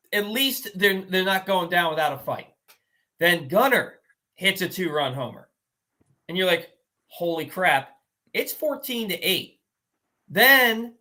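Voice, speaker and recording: A male sports talk host with a bright, forceful voice set a little high, recounting a game with animated, exasperated energy. He talks casually and restarts his sentences as the story runs on.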